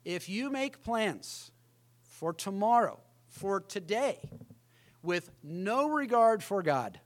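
A man's voice: high-pitched, sing-song, takes it slowly. A middle-aged man preaching a sermon as pastor, emphatic, often acting out the voices of others.

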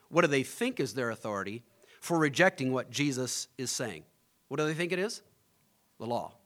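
Animated man preaching a sermon. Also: on the high side. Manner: animated preaching, rising to emphatic peaks, asks the congregation questions. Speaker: pastor.

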